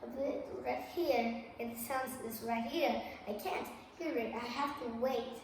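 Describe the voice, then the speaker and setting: A woman teacher leading a classroom lesson, speaking slowly and checking in with "okay?" and "right?" after nearly every phrase. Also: fairly high pitch. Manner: slow, repeats "okay?" and "right?" often, non-native grammar. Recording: echoey room from far off with noise.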